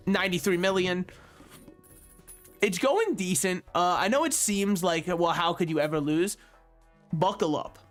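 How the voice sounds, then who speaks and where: A man hosting a casual gameplay commentary with a slightly high voice. He jokes at the game and at himself as he plays, over a faint music bed. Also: fairly bright tone. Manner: joking, self-deprecating, talks to the game. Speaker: gaming channel host.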